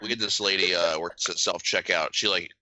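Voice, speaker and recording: A man's voice: sits low, steady tone, fairly quick, pushed and bright, slight background noise. A young man co-hosting a comedy podcast, telling rambling stories and acting out what people said. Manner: rambling storyteller, acts out quotes. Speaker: podcast co-host. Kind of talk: casual comedic chat.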